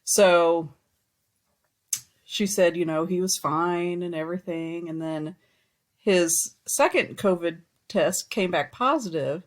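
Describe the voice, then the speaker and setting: A woman co-hosting a podcast, telling a story in a relaxed chat and laughing along. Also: fairly low pitch, slow. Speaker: co-host.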